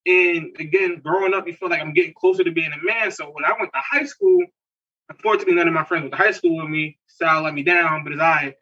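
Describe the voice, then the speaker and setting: A man from Newark, telling animated stories in slangy casual chat and laughing often. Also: fairly high pitch, fast talker, breathy edge. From Newark, New Jersey. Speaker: podcast co-host. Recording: distant, dull lo-fi mic.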